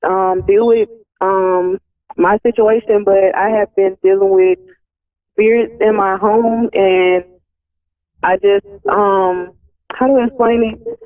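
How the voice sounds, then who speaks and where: A woman's voice: medium pitch, recorded from a distance. A woman from Alabama, calling in to a radio show and explaining hesitantly and politely. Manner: hesitant, polite, says ma'am. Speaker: caller. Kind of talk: phone-in call. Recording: tinny phone line on radio.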